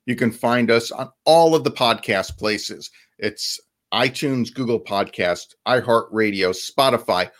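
A man's voice: mid-range voice, unhurried, a bit bright. A man co-hosting a podcast, explaining advice casually and often restarting his phrases. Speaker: podcast co-host. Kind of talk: podcast chat giving business advice.

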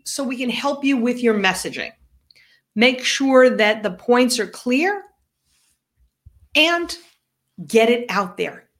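A woman's voice: fairly high pitch, a bit bright. A woman with a New York accent co-hosting a podcast, giving direct coaching advice in a casual chat. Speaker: podcast co-host.

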